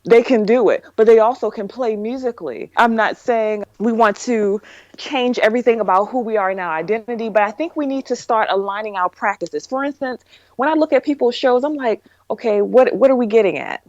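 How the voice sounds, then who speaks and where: A woman's voice: on the high side, a little fast, no room sound, highs cut off. A woman co-hosting a podcast panel, making emphatic, opinionated points in casual discussion. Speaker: podcast co-host.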